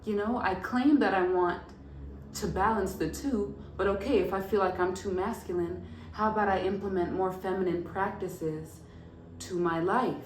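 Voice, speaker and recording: Animated woman vlogger in an echoey room. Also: medium pitch, moderate pace, slight background noise. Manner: animated, laughs often, affirming. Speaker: vlog host. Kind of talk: casual self-help talk to camera. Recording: roomy echo.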